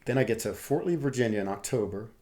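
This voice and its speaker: A man from Texas, a guest on an interview show, telling his army stories in a lively, chatty way. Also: mid-range voice, quick pace. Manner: lively storyteller who acts out his quotes. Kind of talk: casual storytelling interview.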